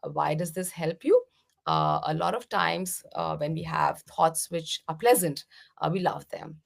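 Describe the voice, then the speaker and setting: A middle-aged woman from India, a meditation teacher, gently explaining mindfulness as a podcast guest with frequent "uh" fillers. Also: deep voice, measured pace, gravelly. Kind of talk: podcast interview answers.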